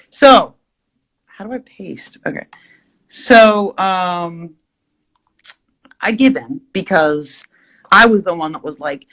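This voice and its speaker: A woman's voice: on the low side, slow pace, pauses often. A woman telling a rambling storytime on her vlog while she draws, full of fillers and restarts. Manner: rambling, animated, filler-heavy. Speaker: vlogger.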